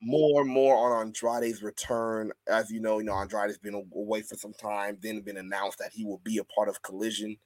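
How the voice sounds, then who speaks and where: A man's voice: lowish voice, normal speed, few pauses. A man co-hosting a wrestling podcast, talking loosely with plenty of swearing, laughter and mock rants. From US West Coast. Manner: animated, swears freely, laughs often, slips into mock rants. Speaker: podcast co-host. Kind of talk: casual chat.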